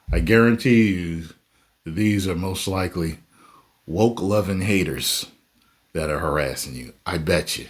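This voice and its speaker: Brief: male reaction host with a lowish voice, emphatic and ranting. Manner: ranting, emphatic, laughs often. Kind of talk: reaction commentary.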